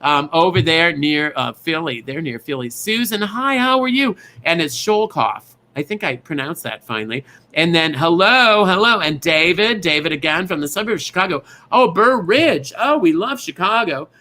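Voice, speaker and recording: A man's voice: on the high side, sing-song, normal speed, bright, forceful tone. A man hosting an online bingo show, chatting as he greets viewers by name in a gushing, rambling way. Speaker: bingo game host. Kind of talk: live-streamed host greeting viewers.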